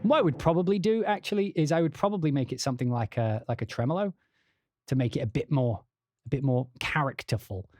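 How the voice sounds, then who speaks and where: A young English man hosting a casual livestream, demoing music software, chatty and swearing as he laughs off his mistakes. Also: medium pitch, fast, no room sound.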